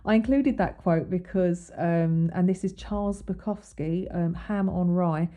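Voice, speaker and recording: A woman hosts an astrology podcast in a fairly low, warm voice at an unhurried pace. It's a casual explanatory monologue, chatty and full of ums and restarts, and she reads quotes aloud.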